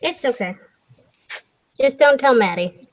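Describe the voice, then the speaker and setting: A woman voicing a kind young woman who speaks slowly and softly to comfort her friend. The voice sits slightly high, and the audio sounds a little dull. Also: a little hiss or hum. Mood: gentle. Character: gentle, forgiving young woman.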